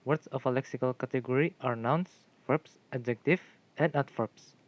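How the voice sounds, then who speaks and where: A young man, a student, reading a class presentation aloud in a steady way. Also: mid-range voice, moderate pace. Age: young adult.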